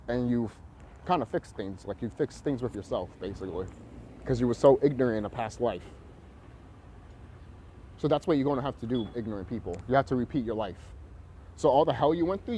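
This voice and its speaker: A man's voice: mid-range voice, dark tone, slight background noise. A man vlogging a rambling, confrontational rant, swearing often and full of fillers.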